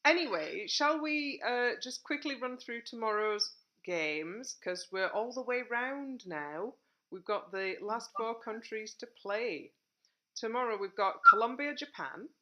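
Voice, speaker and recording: A woman hosting a podcast with a fairly high voice and a very bright, sharp tone. She keeps things moving briskly, steering the chat along. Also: lively intonation. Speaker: podcast host. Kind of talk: casual chat.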